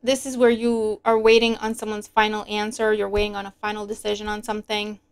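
A woman giving a casual, animated tarot reading, chatty and quick to laugh. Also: mid-range voice, clean tone. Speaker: tarot reader.

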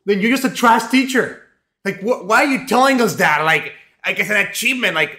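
A male streamer telling a rambling, profane story in a casual, animated way, full of fillers. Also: sits high, brisk, echoey room.

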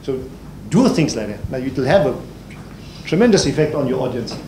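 A man's voice: medium pitch, sing-song, a little fast, dark tone. A man from South Africa giving a public speaking workshop, listing points and quizzing the class. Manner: explains in lists, often asks the class questions. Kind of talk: workshop lecture. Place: lecture hall with audience. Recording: roomy hall, faint hiss.

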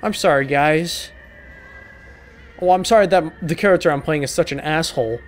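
This is horror game let's play commentary from a male gaming video host whose voice is a little high. He talks to the characters at a moderate pace, joking, swearing, and offering mock apologies, while faint music plays in the background.

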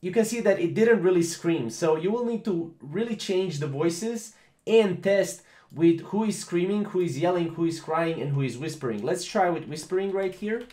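A man with a somewhat high voice walks viewers through a casual tech tutorial, rambling along with many fillers and repeated phrases. His voice rings in an echoey room. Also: lively intonation, moderate pace, mellow. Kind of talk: casual screen-recorded tutorial.

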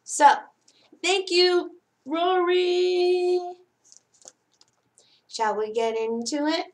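A woman's voice: sits high, slow pace. A young woman, a children's librarian, talking animatedly to kids before a story time reading. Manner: animated, speaking directly to kids.

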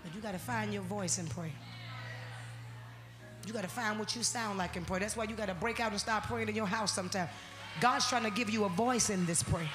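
A woman preacher delivering a fervent sermon to a congregation, swinging from low talk to shouted praise and calling on the church to answer her. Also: brisk. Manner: preaches in a call-and-response style to the congregation. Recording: echoey hall with loud music.

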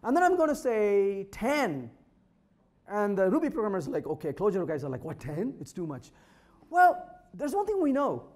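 A man speaking to a live audience at a meetup, his voice leaping up and down with lively, sing-song pitch. He teases the crowd with wry jokes and keeps firing questions at them. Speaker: conference speaker. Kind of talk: humorous technical talk to a live audience. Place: meetup room.

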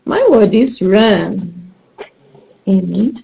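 A woman's voice: mid-range voice, lively intonation, drawn-out words, creaky, warm tone, highs cut off. A woman teaching English online, running a rhyming word game and patiently repeating clues and praising her students.

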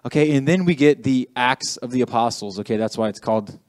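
A man's voice: mid-range voice, fairly quick, darkish tone, no echo. A young man preaching to a youth group in a loose, chatty way, joking at his own expense and tagging lines with "okay?". His voice sits mid-range and is recorded dry and close, with little room sound. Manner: chatty, self-deprecating, says "okay" often. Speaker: youth pastor. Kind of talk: casual youth sermon.

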